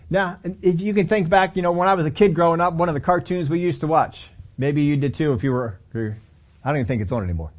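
A man's voice: on the high side, quick pace. A middle-aged male pastor preaching a sermon, telling the story animatedly with acted-out quotes and chuckles.

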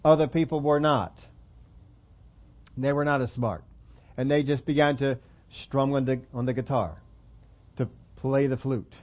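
A man's voice: mid-range voice, fairly even intonation, unhurried, pauses often. A man preaching a conversational sermon as pastor, joking about himself and putting questions to his listeners. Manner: conversational, self-deprecating, asks the congregation questions. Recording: dull lo-fi sermon audio.

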